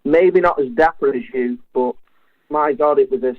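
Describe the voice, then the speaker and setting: A man's voice: medium pitch, normal speed. A man from England, calling in to a talk show, earnest and impassioned. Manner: earnest and impassioned, repeatedly addressing the host by name. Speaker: caller. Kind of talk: phone-in call. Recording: tinny phone line.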